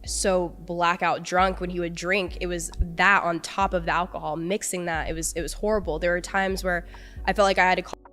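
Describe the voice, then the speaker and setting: A woman's voice: on the low side, flat delivery, fairly quick, a bit bright, soft background music. A young woman recounting a personal story as a podcast guest, rambling and peppering her talk with "like". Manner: rambling, heavy use of "like", emotional retelling. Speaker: interview guest.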